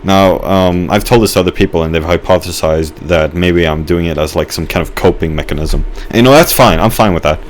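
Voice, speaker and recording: A man's voice: low-pitched, brisk, hardly any pauses, a little hiss or hum. A young man giving a rambling let's-play commentary, musing and hesitant with many fillers and restarts. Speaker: gamer.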